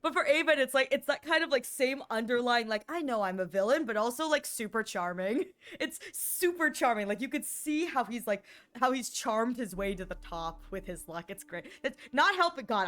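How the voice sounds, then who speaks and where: A woman streamer chatting casually on a game stream, animated and giggly, with playful mock voices. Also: on the high side, moderate pace, few pauses.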